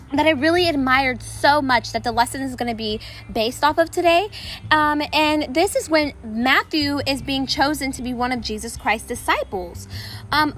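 A woman's voice: high voice, fairly bright tone, slight background noise. A woman hosting a casual faith podcast outdoors, chatty and enthusiastic, with many fillers. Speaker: podcast host. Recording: music playing underneath.

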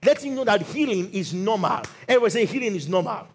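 Middle-aged man, Nigerian accent, pastor preaching, high-pitched voice, call-and-response. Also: lively intonation, fast talker, a little hiss or hum. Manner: call-and-response preaching, leads congregation in declarations. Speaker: lead pastor. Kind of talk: sermon.

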